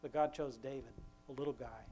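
In a family devotion, the father's talk is loose and conversational with many restarts, turning slow and emphatic when he quotes scripture. He has a medium pitch, fairly even intonation and a mellow sound, over slight background noise.

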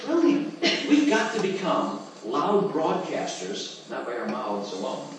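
A man's voice: a little high, slow. Guy preaching in church, voice jumps all over, recorded from far off in an echoey hall, noisy. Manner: lively conversational preaching, asks the congregation questions. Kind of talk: sermon.

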